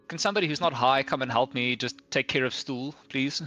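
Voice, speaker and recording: Bright-voiced, stammering man playing a character. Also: mid-range voice, fairly quick, soft background music. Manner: hesitant, stammering with polite formal phrasing. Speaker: player. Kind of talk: casual in-character play.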